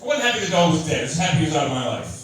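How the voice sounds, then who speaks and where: A man's voice: fairly high pitch, big pitch swings, rapid-fire. A man doing a stand-up comedy set in a club, with a crude, sardonic, mocking delivery. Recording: echoey club from far off, crowd laughing. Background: audience laughter.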